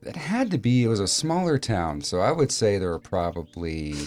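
A man narrating as game master in a relaxed, halting way with many fillers. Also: on the low side, soft background music.

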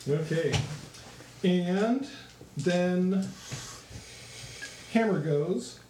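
Game master, male, slightly higher voice, methodical with fillers, roomy recording. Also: very slow, background noise. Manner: steady, methodical, with frequent fillers. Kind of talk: narrating a tabletop game.

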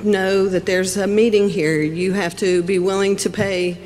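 A woman giving halting, earnest public testimony and quoting scripture at a legislative hearing. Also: mid-range voice, steady tone, darkish tone, long reverb tail, slight background noise. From West Virginia.

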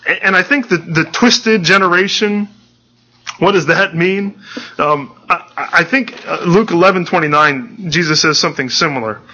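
A man delivers an earnest sermon in a conversational way, repeating words as he restarts his thoughts. His voice is bright and forceful and sits a little high. The recording is dull and lo-fi. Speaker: pastor.

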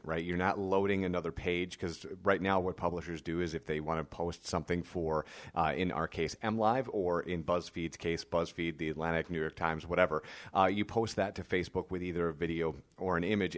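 Low-voiced hoarse man hosting a podcast. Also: fairly even intonation, brisk. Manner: conversational, frequent "uh" fillers. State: hoarse, losing his voice. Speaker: podcast host. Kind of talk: casual podcast monologue.

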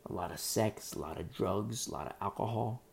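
A man's voice: fairly low pitch, a little fast, vocal fry. A man preaching a sermon as pastor, emphatic and repetitive, often restarting his sentences.

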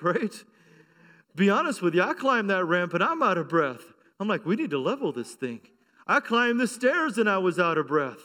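A man's voice: on the high side, a bit bright. A middle-aged male pastor preaching a sermon, moving from a laughing personal story to fervent, rising exhortation.

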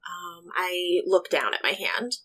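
A woman's voice: lowish voice, takes it slowly, bright, forceful tone, poor audio. A woman playing a tabletop game, hesitantly describing what her character does. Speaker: player.

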